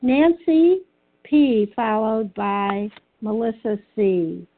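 Brisk moderator woman on a phone line. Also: on the high side, lively intonation. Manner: brisk, busy, juggling a list of names. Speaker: meeting moderator. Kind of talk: moderating an online meeting. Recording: tinny phone line with faint hiss.

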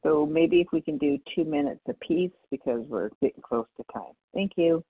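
Woman, meeting chair, brief measured announcements, husky, tinny phone line. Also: deep voice, expressive.

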